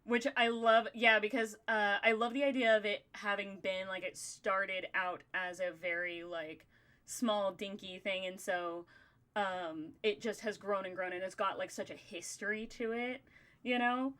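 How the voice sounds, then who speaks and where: A woman's voice: medium pitch, steady tone, measured pace, fairly bright tone. Chatty, laughing woman podcast host. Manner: chatty, laughs often, rambles. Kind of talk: casual chat.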